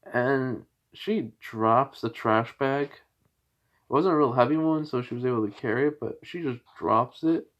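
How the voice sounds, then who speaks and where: A man casually retelling a fan-fiction story in a rambling, halting way, with lots of fillers and restarts. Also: medium pitch, highs cut off.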